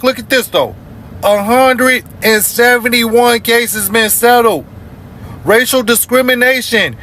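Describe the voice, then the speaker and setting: A man's voice: very high-pitched, bright, forceful tone, slight background noise. A man giving indignant commentary on a news story, asking his audience rhetorical questions.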